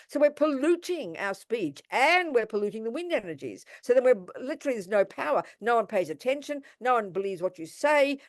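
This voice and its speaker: A woman's voice: medium pitch, dry recording, clean studio sound. An older woman teaching Buddhist practice on a video call, direct and emphatic, calling listeners sweetheart and darling. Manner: warm, direct, calls people sweetheart and darling.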